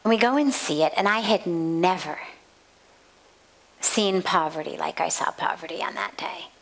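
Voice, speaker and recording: A woman spiritual teacher giving a talk at a satsang, telling a story in a slow, measured way. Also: fairly low pitch, creaky, low-quality recording. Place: outdoor garden.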